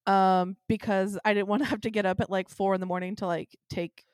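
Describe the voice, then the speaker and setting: A woman's voice: mid-range voice, fairly even intonation, fairly quick, darkish tone, no echo, studio quality. A woman co-hosting a podcast in casual chat, rambling along with lots of ums and frequent laughs. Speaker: podcast co-host.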